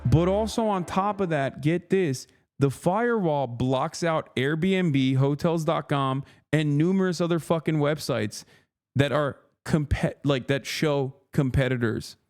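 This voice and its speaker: A man's voice: a little high, unhurried, a little mellow, soft background music. A man in his thirties, a streamer telling a long, profane, exasperated story in casual livestream chat.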